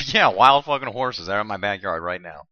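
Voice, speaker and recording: A man's voice: lowish voice, normal speed, dry recording, lo-fi sound. A man chatting casually with friends, swearing often and laughing a lot. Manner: profane, laughing, animated. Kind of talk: casual podcast chat with friends.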